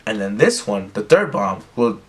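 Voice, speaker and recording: A man's voice: on the low side, big pitch swings, moderate pace. A young man voicing a male ranger who lays out a plan step by step in a matter-of-fact way. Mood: explaining.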